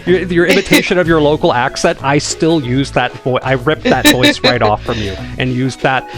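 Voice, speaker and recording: A man's voice: mid-range voice, sing-song, normal speed, fairly bright tone. A man with a Midwestern American accent talks through a farming game with a friend. He rambles and muses, circling his point with hedges and restarts. His voice sits in a plain middle range, with upbeat game music running underneath. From United States. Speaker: co-host, gamer. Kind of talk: casual chat while playing a farming game.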